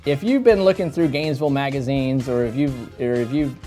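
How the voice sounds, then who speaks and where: A man's voice: mid-range voice, brisk, mellow. Jokey man hosting with faint music behind. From Florida. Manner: jokey, self-deprecating, laughs often. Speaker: host. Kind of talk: casual interview show hosting. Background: faint background music.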